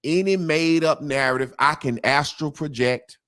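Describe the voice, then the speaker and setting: A man's voice: fairly high pitch, moderate pace, fairly bright tone. A man as an interview guest, talking in a casual, emphatic way with slang and repetition.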